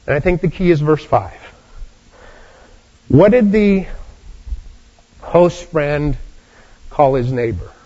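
High-pitched guy preaching, acts out the story bits, kinda dull lo-fi sound. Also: slow, long pauses, long reverb tail. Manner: animated storytelling, acting out characters' lines. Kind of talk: sermon, Bible teaching. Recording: dull lo-fi recording.

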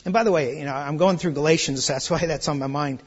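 A man preaching a conversational verse-by-verse sermon, dropping soft and low, then rising to loud, high exclamations. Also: fast talker, breathy edge, highs cut off. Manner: conversational, with restarts and asides. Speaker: pastor. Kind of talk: expository sermon.

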